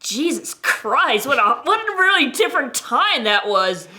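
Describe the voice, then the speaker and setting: A woman's voice: sits high, big pitch swings, measured pace, bright, forceful tone. A young woman co-hosting a casual film review, laughing often and getting indignant, with many fillers. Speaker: podcast co-host. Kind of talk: casual movie review chat.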